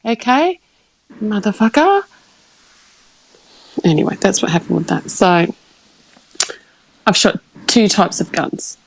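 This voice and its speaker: An Australian woman streaming live, telling a rambling story in a casual, animated way, with frequent laughs and restarts. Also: lowish voice, a little slow, vocal fry, long pauses, breathy edge, poor audio. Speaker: livestream host.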